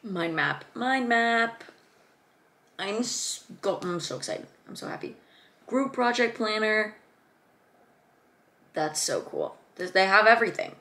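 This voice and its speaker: A young woman, a student vlogger, chatting casually and excitedly, gasping and gushing as she talks. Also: medium pitch, unhurried. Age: young adult. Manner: excited, gushing, lots of gasps and fillers. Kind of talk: casual chat.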